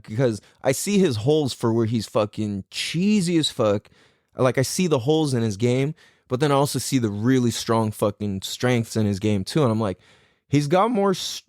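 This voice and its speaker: A young man talks straight into a close mic, loose and unfiltered, swearing and laughing as he acts out what he was thinking. His pitch swings widely from phrase to phrase, and the dry recording keeps him right up front. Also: dry recording. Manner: animated, profane, laughing often, acts out his own thoughts. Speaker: podcast host. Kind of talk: casual storytelling monologue.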